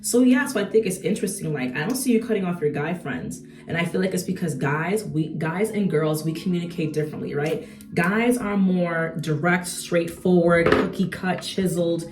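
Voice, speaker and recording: A woman's voice: on the low side, normal speed, roomy sound, recorded from a distance, faint music behind. A young adult woman talking casually while she does her makeup, chatty and slangy with lots of rhetorical asides. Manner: slangy and animated. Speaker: beauty vlogger.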